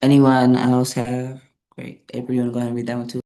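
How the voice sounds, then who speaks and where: A woman's voice: extremely low pitch, monotone, fast, warm tone. A woman co-presenting an online session over a video call, speaking passionately and emphatically and often tagging her points with "right?". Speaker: webinar co-presenter. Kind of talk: live online presentation discussion.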